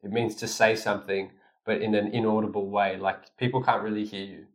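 A man's voice: on the low side, little pitch movement, brisk. A man tutoring a learner one-on-one, reading a storybook aloud, explaining words and acting out quotes with playful mock grumbling.

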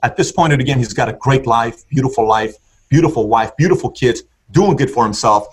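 Fast-talking husky man telling stories. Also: medium pitch. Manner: emphatic, acts out dialogue in different tones. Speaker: podcast guest. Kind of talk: animated personal storytelling.

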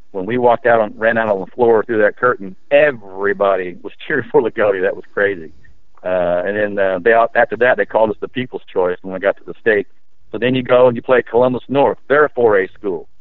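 A middle-aged man, a former high school basketball player, telling his memories in a rambling, animated way with many fillers. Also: fairly quick, no room sound, phone-quality sound. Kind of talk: casual interview storytelling.

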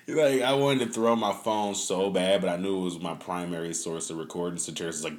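A man hosting his own streamed podcast talks casually in a low voice at normal speed, swearing, rambling and venting with laughs. He is recorded indoors on a phone set on a stand.

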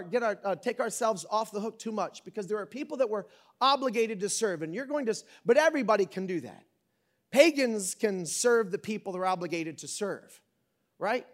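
A middle-aged preacher with a drawl and a notably high-pitched voice. He keeps his sermon casual and jokey, then suddenly swings into loud bursts before dropping back down. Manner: conversational and joking, with big dynamic swings. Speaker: pastor.

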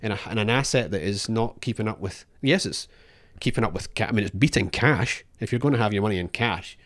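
A man's voice: on the low side, a little fast. A man co-hosting a podcast, talking casually with many restarts and fillers. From Australia. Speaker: podcast co-host.

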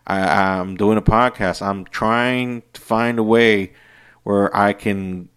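A man hosting a podcast, delivering an unscripted, profane rant that swings between heated outbursts and low muttering. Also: fairly even intonation, slow pace, a bit bright, clean tone. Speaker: podcast host. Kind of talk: unscripted ranting monologue.

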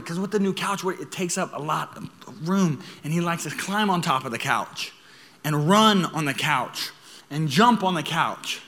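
A young man preaching a sermon, telling a story in an animated way and laughing as he goes. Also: on the high side, normal speed, in a large hall. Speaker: pastor.

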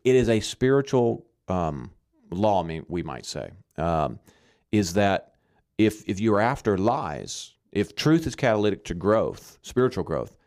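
A man's voice: fairly low pitch, big pitch swings, measured pace, a little mellow. A man from Arkansas giving earnest, emphatic Christian teaching in conversation, often checking in with "okay?".

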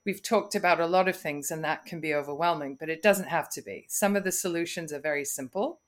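Low-voiced, this communication coach guesting on a podcast explains things in a measured, instructive manner, taking deliberate breaths and pausing with care.

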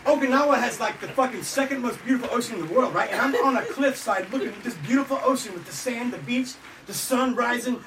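A man, telling crude jokes in loud, laughing banter and swearing constantly. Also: very high voice, fast, crowd noise. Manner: rowdy, laughing, swears constantly, often shouts. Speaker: podcast guest. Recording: distant mic with faint background noise.

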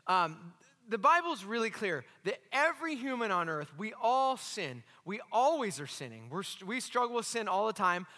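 A man preaching a sermon as pastor, animated and asking the congregation questions. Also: high voice, normal speed, in a large hall. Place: church hall.

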